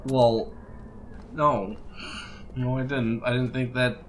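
A man's voice: medium pitch, steady tone, takes it slowly, a little hiss or hum. A man hosting a let's play, chatting casually and teasing his co-host with jokey banter. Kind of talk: casual chat while playing.

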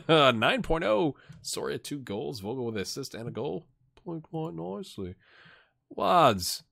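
Lively, bright-voiced man calling a game. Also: mid-range voice, a little slow, creaky. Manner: excitable, jokey play-by-play asides. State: tired. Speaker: gaming YouTuber. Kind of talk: let's play commentary.

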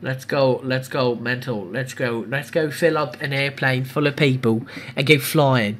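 Bright, excitable gaming streamer. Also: male voice, medium pitch, a little slow. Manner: excitable, cries out at crashes and wins. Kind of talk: live gameplay commentary.

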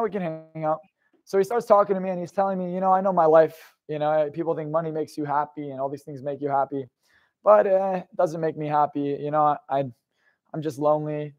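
A young man with a high-pitched voice tells motivational stories as a confidence coach. He drops into quiet, confiding narration, then breaks into loud, forceful outbursts, swearing casually as he drives his point home. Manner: swings from low storytelling to loud emphatic outbursts, swears freely. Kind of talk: motivational storytelling monologue.

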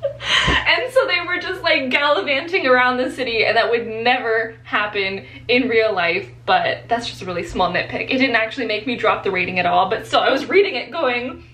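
A woman vlogging about books in a chatty, excitable way, filming at home. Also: fairly high pitch, moderate pace. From Florida, USA. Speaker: book vlogger. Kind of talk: casual vlog chat. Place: home, partly outdoors.

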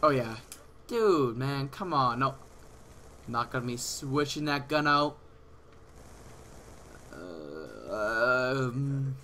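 A teenage man commentating his own gameplay casually, excitable and swearing, with sudden yells at other players, on a headset mic. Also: mid-range voice, drawn-out words, long pauses, slight background noise. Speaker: gaming channel host.

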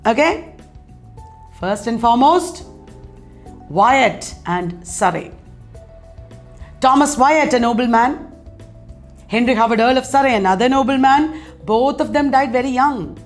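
A woman lectures on literature at a slow, deliberate pace, with a fairly high voice. She leans on each key term and repeats it so that it lands. Faint music plays softly behind her. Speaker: literature teacher. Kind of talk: exam-prep lecture.

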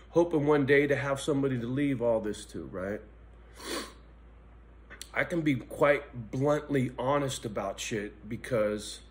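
Middle-aged man, raw confessional vlog, slow and blunt, profane, faint hum behind him. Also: medium pitch. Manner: blunt and profane, swings between angry rants and quiet reflection. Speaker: vlogger. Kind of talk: emotional personal monologue.

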